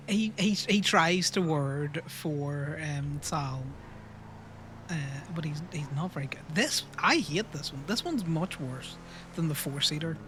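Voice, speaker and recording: A man's voice: fairly high pitch, lively intonation, slow pace, bright, forceful tone, slight background noise. A young man casually rambling through a story while livestreaming a game, laughing and swearing freely. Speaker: streamer.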